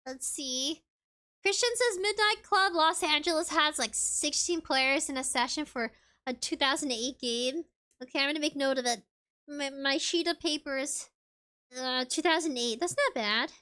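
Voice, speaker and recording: A woman streaming from home, reading out her chat and laughing often. Her voice sits high and sounds bright and clear. The talk is loose and friendly, full of little giggles. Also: normal speed. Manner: bubbly and giggly, with frequent laughs. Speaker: VTuber streamer. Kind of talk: casual livestream chat, reading viewer comments aloud.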